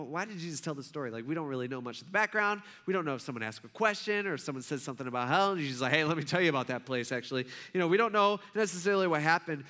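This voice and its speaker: Bright, animated male pastor preaching. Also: high-pitched. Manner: conversational, animated storytelling with filler words. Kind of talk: sermon with personal story.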